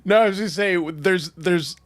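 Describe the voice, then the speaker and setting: A man's voice: high-pitched, normal speed, no echo, clean studio sound. A man co-hosting a podcast in casual chat, jokey and playful. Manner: jokey, playful mock announcements. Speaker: podcast co-host.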